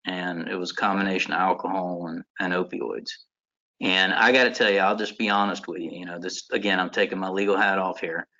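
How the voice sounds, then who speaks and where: An American man speaks earnestly at a seminar, telling a personal story in a conversational way and often restarting his sentences. His voice sits fairly low. The recording sounds dull and lo-fi. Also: fairly even intonation, a little fast, bright, forceful tone. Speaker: construction lawyer and seminar speaker.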